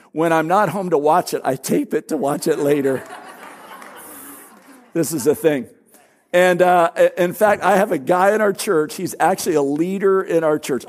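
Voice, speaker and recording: A man's voice: a little high, a little mellow. A middle-aged man preaching as a pastor, telling stories conversationally with self-deprecating humor. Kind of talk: conversational sermon.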